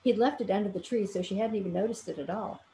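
A woman reading a children's story aloud, with gentle, measured storytelling. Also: medium pitch, slight background noise, rough recording. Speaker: story reader for a fan club.

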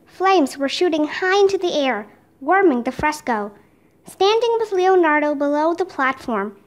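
A woman reads a children's chapter book aloud with steady, expressive narration. Her voice is high and moves through a wide, lively pitch range. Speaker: storybook reader.

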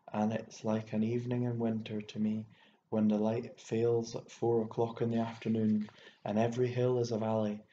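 A man with an Irish accent voicing a hot-tempered, bitter old landowner who wheezes and bursts into scornful shouting, on a dull recording with faint hiss. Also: mid-range voice, close to an everyday voice. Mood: wistful.

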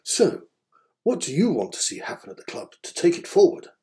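A man's voice: sits high, huge pitch swings, fairly quick, warm tone, pitched above the performer's own voice. A man reading out a pushy male blog commenter's questions in the commenter's rising, questioning intonation. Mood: insistent.

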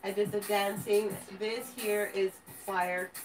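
Slow-talking woman, a bit off-mic. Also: mid-range voice, little pitch movement, recorded from a distance, soft background music, low-quality recording. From California. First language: Spanish. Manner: rambling, giggly, self-teasing. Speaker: host. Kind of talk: casual live-stream chat.

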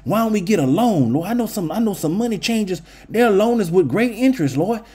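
A man's voice: sits high, animated, a little fast, mellow, husky. A man voicing a greedy, scheming male temple leader who mocks and plots in slangy, sarcastic talk. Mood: mocking. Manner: sarcastic, slangy, wheedling then plotting.

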